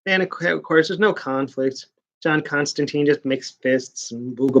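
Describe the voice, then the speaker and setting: A man recapping comic stories in a casual, mocking way, with deadpan asides as he rambles. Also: medium pitch, moderate pace, dull audio. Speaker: comic book reviewer.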